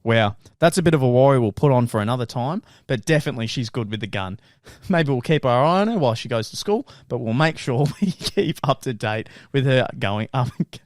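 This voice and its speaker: A man's voice: medium pitch, lively intonation, brisk, few pauses, no echo, clean studio sound. A man co-hosting a podcast, interjecting with jokes and playing up mock outrage in an improvised skit. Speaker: podcast co-host. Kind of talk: improvised comedy news skit.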